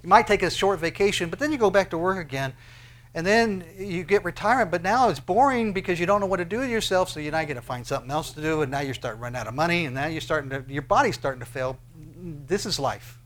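A man preaches with a slightly high-pitched voice, firing rhetorical questions at his congregation. He drops to near-whispers, then climbs to loud, pleading peaks. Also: lively intonation, fast talker. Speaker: pastor. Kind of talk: sermon.

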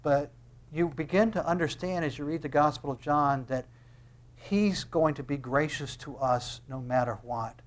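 A man preaching a sermon, swinging between loud emphatic declarations and hushed tender lines, often asking rhetorical questions. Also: on the high side, moderate pace. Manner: asks the audience rhetorical questions.

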